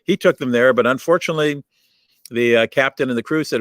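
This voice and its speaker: A man hosting a radio interview, asking questions and recapping in a thoughtful, measured way. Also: mid-range voice, a bit bright, no echo, clean studio sound. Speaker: radio show host.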